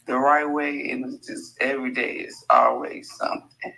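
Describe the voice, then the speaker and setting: A woman's voice: very deep voice, big pitch swings, moderate pace, creaky, pushed and bright, poor audio. A woman calling in on a phone held on speaker, talking earnestly and confiding her struggles. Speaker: caller.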